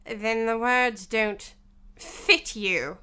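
A woman voicing a fussy, pompous king of cards who talks slowly and mutters to himself. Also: on the high side, bright, forceful tone, smooth, heavily acted. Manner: slow, muttering, self-satisfied.

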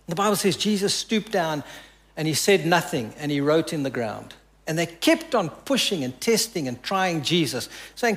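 A man with a fairly high voice delivers a sermon as pastor. He tells the story with rising emphasis, then drops soft and hushed to give the quoted words weight. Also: lively intonation, moderate pace. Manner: preaching with dramatic drops to soft quoted lines.

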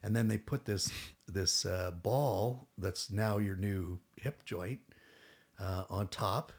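A man's voice: lowish voice, slow pace, husky. A middle-aged man telling a long story as a podcast guest, rambling and acting out what others said, with casual swearing.

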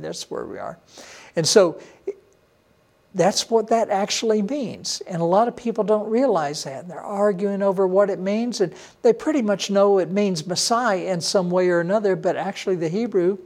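A man pastor teaching a sermon, emphatic, slowing down and repeating key words to drive a point home. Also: a little high, a little mellow.

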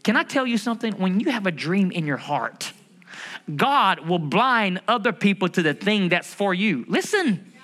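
A male pastor preaching to his church in a high, bright voice. He talks in a lively, conversational way, full of rhetorical questions and humor. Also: moderate pace. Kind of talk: sermon. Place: church building.

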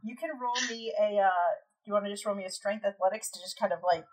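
Casting: woman game master, husky tone, mid pitch, casual rambling scene narration. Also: quick pace, poor audio. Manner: loose descriptive narration full of "like" and "kinda".

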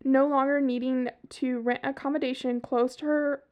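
Southern woman, young, true-crime podcast host, high voice, profane and chatty. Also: little pitch movement, normal speed, darkish tone. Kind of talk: casual true-crime storytelling.

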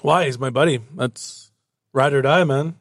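A man's voice: medium pitch, measured pace, no room sound, studio quality. A man in a casual chat who rambles through stories with many fillers and swearing.

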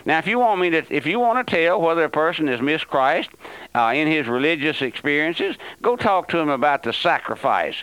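A man's voice: a little high, animated, brisk, fairly bright tone, clear, resonant tone, no echo, poor audio. An older man, a pastor, preaching a radio sermon with emphatic repetition.

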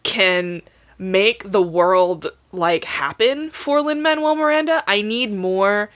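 This woman co-hosts a podcast, chatting casually about a cartoon. Her mid-range voice moves at a slow pace, and she talks loosely, with plenty of fillers and frequent laughter.

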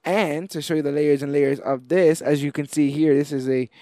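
A man co-hosting a casual comic-book podcast, chatting in an animated way and acting out the lines he retells. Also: fairly high pitch, moderate pace, dry recording, clean studio sound. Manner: animated, acts out quoted characters. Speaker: podcast co-host. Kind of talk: casual chat.

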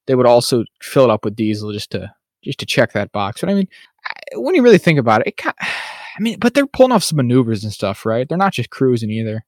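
Man, podcast co-host, casual chat, rambling, lively pitch, dry close sound. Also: fast, dry recording. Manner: rambling, animated, laughs often.

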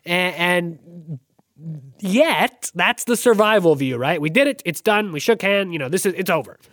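A podcast co-host with a middle-pitched voice talks through a play in a measured, analytical way. The delivery is discursive, with wry self-aware asides. The sound is dry and close, with no room echo. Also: expressive, a bit bright. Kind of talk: casual analytical chat.

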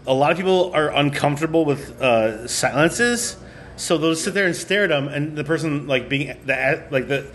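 A man hosting a podcast in casual rambling chat, halting and restarting, trailing off and laughing. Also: on the high side, fairly bright tone. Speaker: podcast host.

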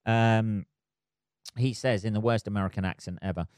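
A man hosting a podcast on his own, rambling in a sweary, self-mocking casual monologue from his flat at home. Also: lowish voice, fast talker, no echo. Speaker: podcast host. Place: flat at home below noisy neighbours.

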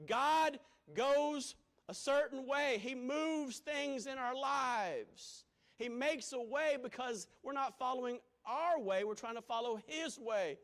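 A man preaching a sermon, building repeated refrains and reading scripture aloud, with frequent chuckles. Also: very high-pitched. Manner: repetitive call-and-response cadence, chuckles often.

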